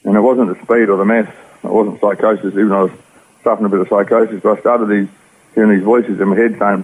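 A man's voice: on the low side, fairly even intonation, quick pace, husky. An Australian man telling his life story as an interview guest, in an earnest, rambling way. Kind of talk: personal testimony. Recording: tinny phone-like radio audio.

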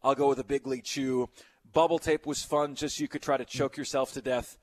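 A man's voice: medium pitch, flat delivery, fairly quick. A middle-aged man hosting sports radio, chatting loosely and reading out listener texts. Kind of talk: casual radio chat.

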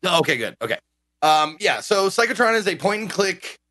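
A man's voice: high voice, big pitch swings, a little fast, sharp tone. A man co-hosting a casual chat show, rambling with lots of restarts and fillers as he tells stories. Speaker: co-host.

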